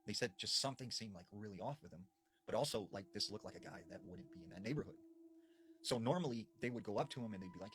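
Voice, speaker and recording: Male storyteller, low voice, lively delivery, faint room hiss behind. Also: quick pace. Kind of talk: retelling spooky stories.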